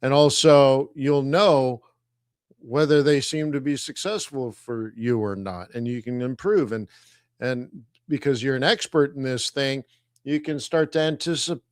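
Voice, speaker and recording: A middle-aged man hosts a live trading stream in an energetic, teasing manner. His voice sits at a medium pitch. The recording is dry, with no room echo. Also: a little slow. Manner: energetic, teasing, talks to viewers as kids. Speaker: forex trading host.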